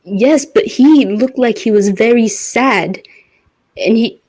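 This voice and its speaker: A woman's voice: fairly high pitch, takes it slowly, a little mellow, no room sound, rough recording. A woman playing a tabletop game, talking hesitantly and restarting sentences. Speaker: player. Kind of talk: casual tabletop role-play.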